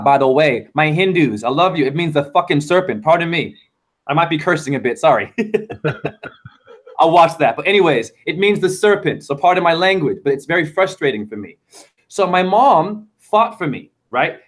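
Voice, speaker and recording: A man talking as a show guest in a rambling, fervent monologue full of wordplay. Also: a little high. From United States. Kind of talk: casual chat.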